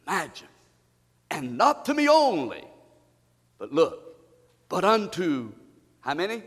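Fiery preacher in a reverberant hall. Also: male voice, huge pitch swings, slow, pauses often, slightly rough. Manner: preaches with call-and-response, swinging from shouted highs to low intense tones. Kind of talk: fiery sermon. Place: church sanctuary.

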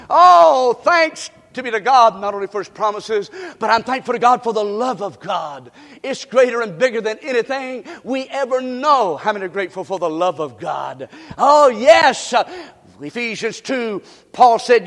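Male pastor, very high-pitched, energetic sermon delivery with sudden shouts, long hall reverb. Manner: preaches fast, swings from loud shouts to soft asides.

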